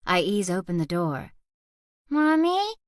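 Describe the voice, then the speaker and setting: A woman's voice: fairly low pitch, normal speed, no echo. Woman, audiobook narrator, tense thriller reading, urgent, dry close sound.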